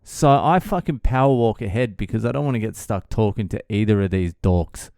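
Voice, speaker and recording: A sardonic man in his thirties, swearing freely as he tells a story in a casual monologue. His voice is smooth and resonant, recorded close and dry with no room sound. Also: on the low side, lively intonation, brisk, mellow, no room sound. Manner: profane, sardonic, exasperated. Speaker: vlogger.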